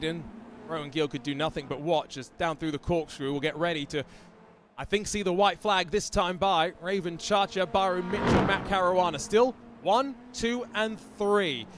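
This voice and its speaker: A man with a high, bright voice calls a sim race play-by-play, rushing through the action and ribbing his co-host. A faint hiss sits under the mic. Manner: fast, excitable calls with playful banter. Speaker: play-by-play commentator. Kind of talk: esports race commentary.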